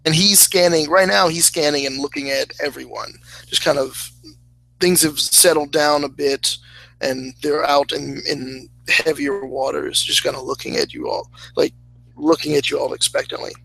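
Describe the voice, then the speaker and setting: A man narrating as game master of a tabletop game, halting and thinking aloud with many restarts. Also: on the high side, fairly even intonation, vocal fry, pushed and bright, no room sound, low-quality recording.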